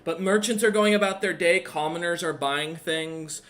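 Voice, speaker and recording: A man running a tabletop game as dungeon master, his voice a touch high. He narrates loosely, filling gaps with ums and uhs as he describes the scene. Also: moderate pace, fairly bright tone.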